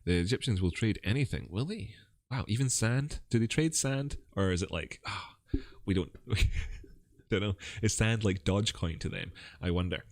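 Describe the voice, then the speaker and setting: A Scottish man hosting a live crypto chart stream, rambling and self-mocking, his voice a bit rough. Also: on the low side, expressive, normal speed. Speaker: crypto livestream host. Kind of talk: casual live chart analysis.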